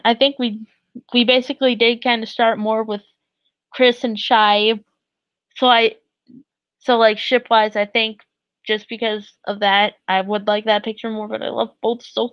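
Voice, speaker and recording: A woman streaming in casual chat, giggly and flustered, gushing over what she sees. Her voice sits fairly high and she talks slowly. The recording is dry and a bit dull and lo-fi. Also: flat delivery, smooth, no room sound.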